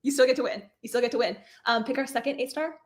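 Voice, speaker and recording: A bubbly woman in her thirties runs a live craft giveaway with a bright, fairly high voice. She chats freely, laughs easily and cheerfully apologizes whenever she fumbles a name. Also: rapid-fire. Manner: bubbly, chatty, laughs often, apologizes over names. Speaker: craft host. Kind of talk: live-stream giveaway chat.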